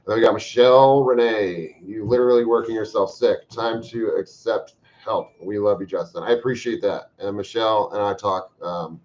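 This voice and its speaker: A man hosting a livestream, chatting casually and reading out viewer comments with profane, joking bursts of loud emphasis. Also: on the low side, normal speed, few pauses. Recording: slightly dull lo-fi stream audio.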